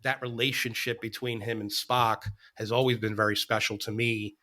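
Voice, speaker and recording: A man's voice: mid-range voice, flat delivery, normal speed, pushed and bright. A man hosting a podcast in casual chat, speaking earnestly and with nostalgia.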